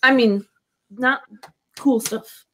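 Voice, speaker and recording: High-voiced, crude joking woman. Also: steady tone, slow, a bit bright. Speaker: whiskey YouTube co-host, guest. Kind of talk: casual livestream chat.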